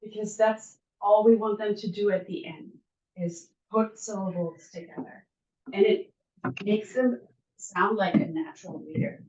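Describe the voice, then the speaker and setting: A woman teacher presenting to parents at a school workshop, who slowly sounds out syllables to demonstrate. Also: mid-range voice, darkish tone. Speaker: first grade teacher. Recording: muffled, distant, echoey room.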